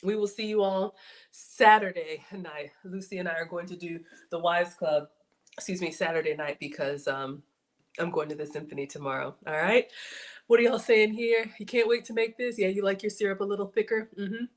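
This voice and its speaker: A woman's voice: lowish voice, normal speed. A woman in her forties hosting a casual livestream, chatting to her viewers in a folksy way and calling them y'all. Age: 40s. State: out of breath. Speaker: livestream host.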